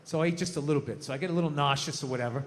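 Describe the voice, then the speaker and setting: A man's voice: fairly high pitch, racing. A man in his fifties doing stand-up comedy on a live stage, telling stories in a profane, ranting way. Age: 50s. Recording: echoey hall with faint noise.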